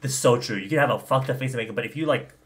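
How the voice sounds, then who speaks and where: A man's voice: medium pitch, racing. A man chatting casually as a livestream guest, playful and campy.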